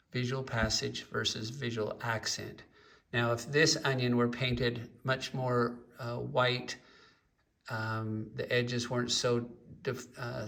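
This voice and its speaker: A man teaching a painting lesson, explaining at an unhurried pace while pointing at his work and mixing in stories. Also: mid-range voice, gravelly, sharp tone, recorded from a distance. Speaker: painting instructor.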